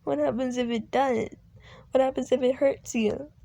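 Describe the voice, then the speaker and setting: A woman's voice: high-pitched, steady tone, normal speed, gravelly, warm tone, no echo, voice pushed up. A woman voicing a frightened little girl who calls for her mother. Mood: fearful.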